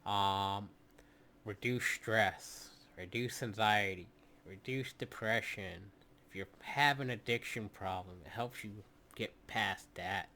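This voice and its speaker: Male solo podcast host, lowish voice, slow and halting delivery, instructive tone aimed at the listener. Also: sharp tone. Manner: halting, many fillers and restarts; instructive, addresses listener directly.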